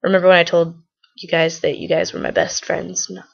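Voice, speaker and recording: A woman's voice: on the low side, fairly even intonation, a little fast, creaky, dull audio. A teenage girl vlogging, retelling a falling-out with a friend in a rambling, gossipy way. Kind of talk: casual storytelling to camera.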